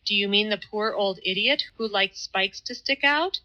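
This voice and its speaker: A woman reading the part of a gruff, skeptical man who questions bluntly in an audiobook. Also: mid-range voice, moderate pace, bright, forceful tone, dull audio, lightly acted. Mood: questioning. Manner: gruff, wondering.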